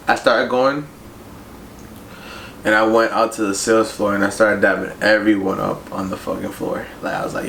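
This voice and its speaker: A man's voice: lowish voice, fairly even intonation, normal speed, gravelly, fairly bright tone. A young man telling a casual storytime about his job, slangy and profane, leaning on "bro" and "like". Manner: slangy, profane, laid-back, fillers like "bro" and "like". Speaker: vlogger. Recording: roomy echo with faint noise.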